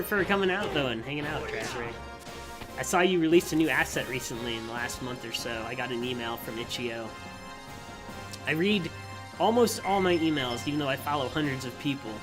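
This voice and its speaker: A man streaming a video game, chatting casually and thinking aloud with amused asides. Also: mid-range voice. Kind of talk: casual gameplay commentary.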